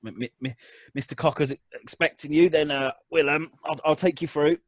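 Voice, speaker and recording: A man's voice: fairly high pitch, steady tone, a little fast, dry recording, studio quality, voice pushed up, lightly acted. A man voicing a nervous young male warehouse guard who stammers. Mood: flustered.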